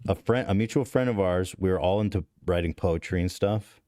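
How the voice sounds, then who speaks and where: A male podcast host with a low, warm voice talks a little fast, captured in a dry, studio-quality recording. His casual confessional story rambles along with frequent restarts, profanity and self-deprecating humor.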